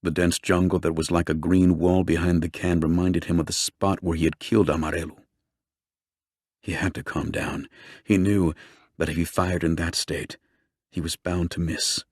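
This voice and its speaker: A man narrating a true-crime book in a steady, measured storytelling voice. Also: deep voice, no room sound, studio quality. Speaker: audiobook narrator. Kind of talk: scripted narration.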